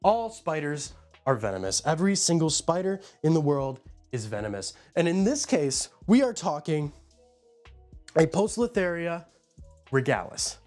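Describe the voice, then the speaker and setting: A man's voice: fairly high pitch, big pitch swings, moderate pace, darkish tone, faint music behind. A man casually chatting on a live stream from a room at home, rambling as he greets viewers by name. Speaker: live streamer showing his pet enclosures.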